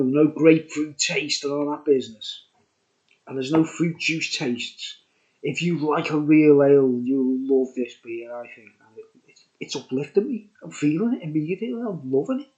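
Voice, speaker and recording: A man's voice: on the high side, darkish tone. Chatty man, upbeat beer reviewer. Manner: chatty, enthusiastic, rambling with laughs. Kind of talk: casual review vlog. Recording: dull lo-fi recording.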